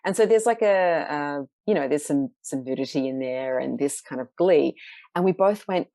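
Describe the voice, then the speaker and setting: Low-voiced woman, dry and close. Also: lively intonation, normal speed, warm tone, dry recording. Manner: candid, reflective, laughs often. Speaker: podcast guest, researcher and photographer. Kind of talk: casual conversational interview.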